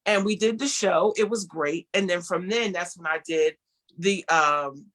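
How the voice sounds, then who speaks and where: A woman's voice: on the low side, measured pace. A woman guest on an interview show, a clothing designer telling her story and acting out the voices of the people in it. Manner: animated, acts out dialogue in her story; speaks of herself as an introvert.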